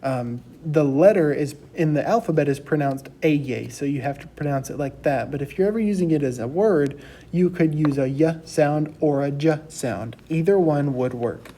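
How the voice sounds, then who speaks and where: Patient man drilling letters, mellow voice. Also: a little high, moderate pace. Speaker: teacher. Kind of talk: recorded class lecture.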